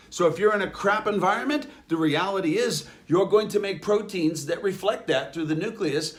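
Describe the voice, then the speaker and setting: A man with a Boston accent giving an emphatic health lecture, firing off rhetorical questions. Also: high-pitched. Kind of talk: lecture to an audience.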